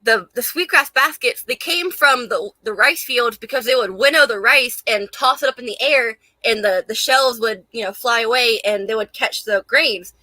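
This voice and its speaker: High, bright-voiced Southern woman venting. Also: moderate pace, hardly any pauses, no echo. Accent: light Charleston Southern. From Charleston, South Carolina. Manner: profane, laughing often, rambling and emphatic. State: hot and a bit out of breath. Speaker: vlogger. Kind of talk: casual rant to camera.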